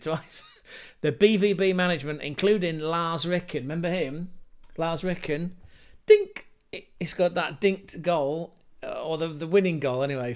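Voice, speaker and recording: A man hosting a football channel, talking in a casual, jokey and animated way with quick asides. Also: a little high, clean tone. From England. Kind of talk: casual commentary.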